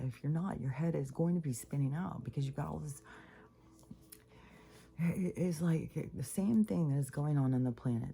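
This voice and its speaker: A woman rants in a rambling, casual monologue, swearing freely and restarting her sentences. Her voice is gravelly and very mellow. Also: a bass voice. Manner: profane, rambling, many fillers and restarts. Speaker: spiritual vlogger.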